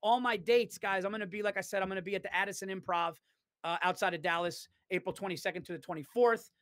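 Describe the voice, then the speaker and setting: A stand-up comedian chats on a podcast, his voice sitting fairly high. The sound is dry and close, with no room around it. He tells stories with energy, acting out the lines of the people in them. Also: fast, no echo. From New York. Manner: animated storyteller, swears freely, acts out quotes. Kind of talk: casual podcast chat.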